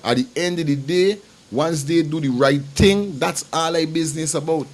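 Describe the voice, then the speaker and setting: A man hosting a casual livestream talks straight to his viewers at a moderate pace. His voice sits a little higher than most men's, and he hammers his points home emphatically by repeating them again and again.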